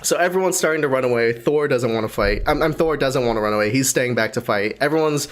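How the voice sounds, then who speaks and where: Casual male co-host, mid-range voice, chatty scene recaps, laughs a lot. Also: mid-range voice. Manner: animated, laughs often, retells scenes with quick asides. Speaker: co-host of a movie review show. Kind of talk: casual chat recapping a film.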